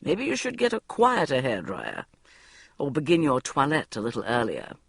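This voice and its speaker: A woman's voice: extremely low pitch, wildly swooping pitch, moderate pace, creaky, slightly rough, dry recording, pitched below the performer's own voice, heavily acted. A woman voicing a cool, dry-witted male barrister who speaks icily and casually. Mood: icy, teasing. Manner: icy, casual, teasing.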